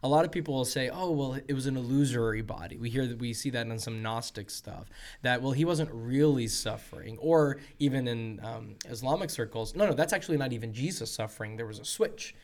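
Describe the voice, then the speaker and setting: A man's voice: mid-range voice, a little fast, hardly any pauses, darkish tone. A man co-hosting a casual theological discussion, earnest and emphatic, often restarting his sentences. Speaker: podcast co-host.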